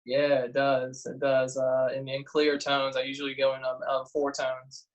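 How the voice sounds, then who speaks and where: A man, a guest in a casual interview, telling lively stories and acting out quotes. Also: mid-range voice, normal speed, low-quality recording. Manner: animated storyteller, acts out quotes, frequent "uh" and laughs. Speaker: guest diver and detectorist.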